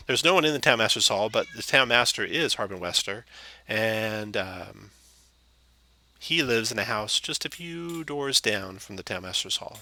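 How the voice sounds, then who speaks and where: Brief: male game master, bright tense tone, dry close recording, plain reads with fillers. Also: fairly low pitch, animated, normal speed, no echo. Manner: plain reading with hesitant fillers. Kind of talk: narrating a tabletop game.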